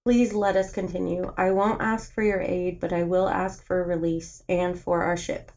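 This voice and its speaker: A woman's voice: fairly low pitch, little pitch movement, normal speed, darkish tone, natural voice. Brave young ship captain, earnest plea, read by a woman.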